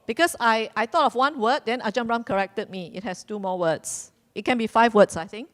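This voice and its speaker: A woman's voice: on the high side, fairly quick. A woman hosting a live quiz at a community celebration, playful and repeating her instructions, laughing now and then. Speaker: quiz host.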